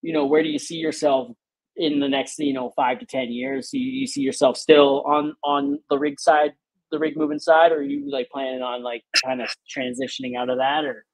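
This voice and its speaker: A man's voice: a little high, fairly quick, creaky, no echo, low-quality recording. A man hosting a podcast, telling casual, profane work stories and acting out what people said. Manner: profane, animated storyteller who acts out quotes. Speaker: podcast host. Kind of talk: casual storytelling chat.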